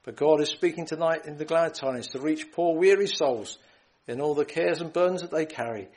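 An earnest male preacher with a slightly raised pitch, pleading with his listeners and quoting scripture in old-fashioned wording. He often repeats and restarts phrases and stops to clear his throat. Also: fairly quick, darkish tone, low-quality recording. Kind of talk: gospel sermon.

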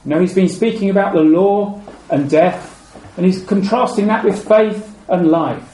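A man preaching a sermon. He is measured and repeats key phrases, and his voice drops low and soft at the ends of phrases. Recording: echoey room with faint ambient noise.

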